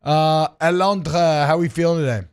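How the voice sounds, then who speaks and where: Joking sports radio host. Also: male voice, a little high, steady tone, moderate pace, a little mellow, clear, resonant tone. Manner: rambling, jokey, many restarts. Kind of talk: casual sports radio chat. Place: radio studio.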